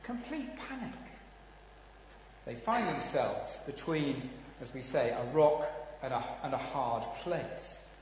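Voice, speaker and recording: A man preaching a sermon, swinging between hushed tones and loud dramatic exclamations. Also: medium pitch, a little slow, few pauses, slight background noise. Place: church. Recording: echoey hall, heard from a distance.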